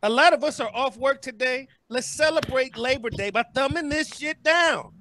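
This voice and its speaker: A man's voice: very high voice, moderate pace, sharp tone. A man on a group call, mocking the host and egging listeners on in crude banter. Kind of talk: crude trash-talk banter.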